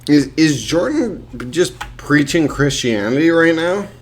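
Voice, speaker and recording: A man's voice: a little high, lively intonation, a little slow, slight background noise. A man doing reaction commentary on a clip, sarcastic and exasperated, swearing often.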